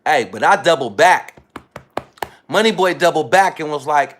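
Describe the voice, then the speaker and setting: A man's voice: fairly high pitch, lively intonation, normal speed, fairly bright tone. A man talking casually to his viewers in a rambling, emphatic monologue, often repeating phrases for weight. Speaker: vlogger. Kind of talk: casual self-filmed monologue.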